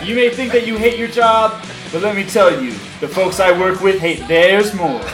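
A man's voice: high voice, moderate pace, echoey room, music in the background. A young man narrating his own story in a comic audio drama, sardonic and crude, often chuckling. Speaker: narrator and lead actor.

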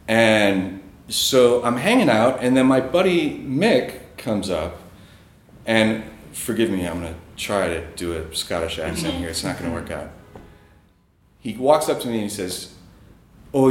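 A man's voice: medium pitch, roomy sound. A man telling a personal story in a casual, rambling way, with fillers and chuckles. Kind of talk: live storytelling.

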